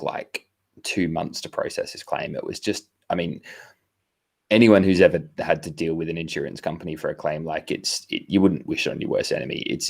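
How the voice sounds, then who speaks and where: A man's voice: sits low, gravelly, darkish tone, breathy edge. An Australian man, co-host of a car podcast, telling a long rambling story in casual chat over a video call. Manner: rambling storyteller, quotes others in asides.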